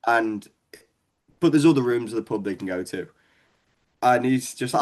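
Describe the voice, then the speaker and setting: A man's voice: medium pitch, expressive, normal speed, darkish tone. A young man with a Scouse accent, a stand-up comedian guest telling rambling, sweary stories and laughing along. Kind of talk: casual storytelling chat.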